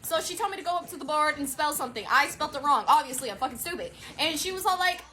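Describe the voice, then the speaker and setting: A woman telling a personal story in a casual storytime monologue, animated, blunt and profane. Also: sits high, quick pace, heavy background noise.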